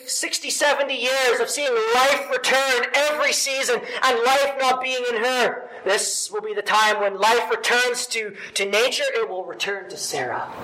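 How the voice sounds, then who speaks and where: A male pastor preaching a sermon with emphatic, animated delivery and big swings in loudness. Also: high-pitched, slight background noise, low-quality recording.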